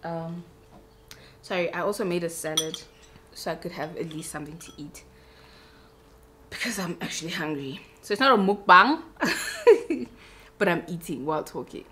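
A woman's voice: fairly low pitch, lively intonation, moderate pace, pauses often, fairly bright tone, slight background noise. A young woman, a beauty vlogger chatting casually and self-mockingly while doing her makeup.

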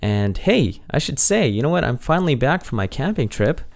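A man's voice: mid-range voice, very animated, normal speed. Jokey upbeat gaming commentator man. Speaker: let's play host. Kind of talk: game commentary.

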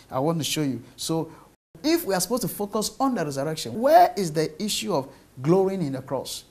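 A man's voice: high voice, sing-song, brisk, darkish tone. A man preaching a sermon in an emphatic way, checking in with his listeners through rhetorical questions.

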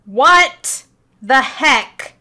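A woman hosting a reaction video, giving casual, excitable running commentary with lots of exclamations. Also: high-pitched, extremely slow, a little hiss or hum.

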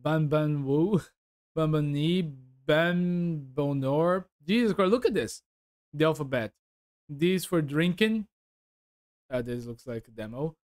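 A man giving casual, amused reaction commentary, with halting restarts. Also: a little high, a little mellow. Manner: laid-back, amused, halting. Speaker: reaction video host.

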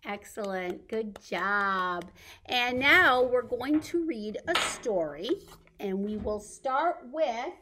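A woman librarian leading a baby story time, reading a picture book aloud, singing simple songs and making animal sounds in a sing-song, animated way. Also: a little high, takes it slowly, noisy background. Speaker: children's librarian.

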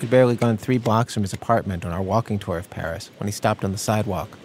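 A man with an American accent hosting a radio program in a measured, wry, conversational way. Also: on the low side, darkish tone, slight background noise. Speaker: radio host. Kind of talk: scripted radio narration.

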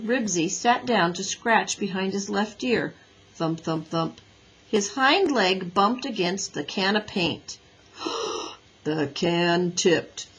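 A woman gently narrating a children's storybook in a breathy voice. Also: mid-range voice, poor audio. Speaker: audiobook reader.

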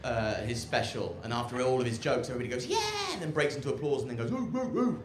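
A man's voice: medium pitch, very noisy. Dry, ironic male stand-up comic. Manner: dry, ironic, halting with fillers. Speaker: stand-up comedian. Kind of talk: stand-up set. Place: outdoor rooftop club. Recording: echoey rooftop with loud crowd laughter.

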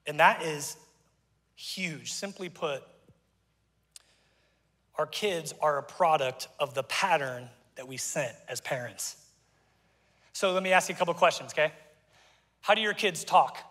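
A man's voice: fairly high pitch, measured pace, long pauses, pushed and bright. A middle-aged man preaching a sermon to his congregation, conversational and joking, with asides to the crowd. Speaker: pastor. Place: church auditorium. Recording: long church hall reverb.

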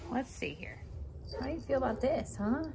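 A woman speaks in a gentle, cooing voice, soothing an animal in a casual outdoor vlog. Her pitch sits in the middle range and her talk stays soft and tender. Faint farm sounds hiss quietly behind her. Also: expressive, moderate pace, rough recording. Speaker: vlogger, pet owner. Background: faint farm ambience, geese and rain.

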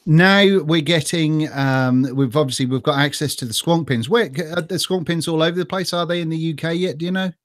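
A man's voice: on the high side, brisk, hardly any pauses, no echo, clean studio sound. A man hosting a casual interview, chatty and rambling with many fillers. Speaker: host.

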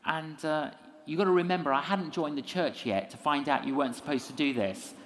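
A man's voice: fairly high pitch, fairly quick, background noise. A man telling a story in a lecture, acting out dialogue with humour. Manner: animated, acts out dialogue with humour. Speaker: evangelist speaker. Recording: long hall reverb.

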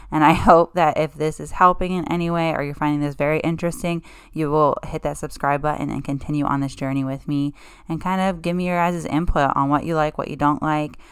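A woman's voice: low-pitched, smooth, no room sound, studio quality. A woman home-makeover vlogger narrating her project in a chatty, friendly voice-over, with casual fillers.

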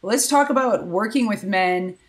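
A woman hosting a podcast, asking questions in a relaxed, chatty way. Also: mid-range voice, a little slow. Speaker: podcast host. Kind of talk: conversational interview.

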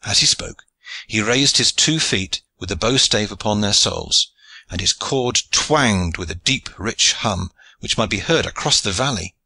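A man narrating a classic adventure novel in a measured, even storytelling manner. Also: fairly low pitch, slightly rough, no room sound. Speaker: audiobook narrator. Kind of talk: scripted narration.

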